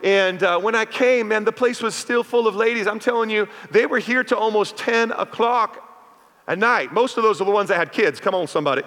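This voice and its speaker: A man's voice: high voice, a little fast, fairly bright tone. A middle-aged male pastor preaching a sermon in a church, chatty and full of call-outs to the congregation. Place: church sanctuary. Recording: reverberant hall.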